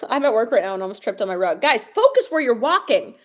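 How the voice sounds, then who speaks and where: Young woman vlogger, casual live-stream chat, slightly sick with sniffles, quick to laugh. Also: on the high side, sing-song. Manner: chatty, laughs often, answers viewer questions. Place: home, at a laptop in the kitchen. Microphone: laptop or phone camera propped up.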